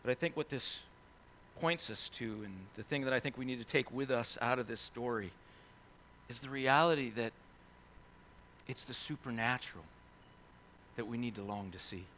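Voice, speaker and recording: A man preaching a sermon, telling stories in an animated way with many asides to the listeners. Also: mid-range voice, normal speed, long pauses, slight background noise. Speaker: pastor.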